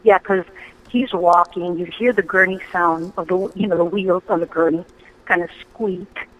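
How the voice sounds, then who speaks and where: A woman caller telling a ghost story on a radio call-in show, lively and full of ums and restarts. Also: on the low side, moderate pace, low-quality recording. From Hawaii. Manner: animated storytelling, acting out her own quoted lines; hesitant, frequent ums and restarts.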